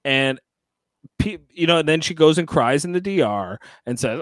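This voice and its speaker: Animated man ranting about a reality show. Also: fairly high pitch, normal speed, no echo. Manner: animated, mocking impressions of contestants. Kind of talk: casual reality TV recap chat.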